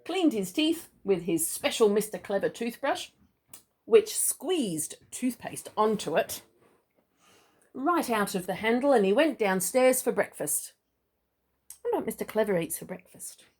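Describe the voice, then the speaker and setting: A woman's voice: medium pitch, very animated, measured pace, husky. A woman reading a children's storybook aloud to a child, playful and chatty with asides. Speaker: parent or relative reading to a child.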